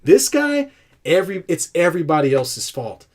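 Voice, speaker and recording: Ranting, animated male sports co-host. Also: on the high side, moderate pace, a little hiss or hum. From California. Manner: animated, ranting, lots of restarts and laughs. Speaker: podcast co-host. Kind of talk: casual sports talk.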